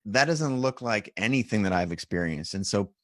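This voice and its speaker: A man's voice: on the low side, lively intonation, normal speed, a bit bright, no echo, studio quality. A man hosting a live-stream Q&A, talking casually and encouragingly to his viewers and callers. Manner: encouraging, loose and conversational. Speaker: host of a live video Q&A. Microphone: live-stream setup with video call.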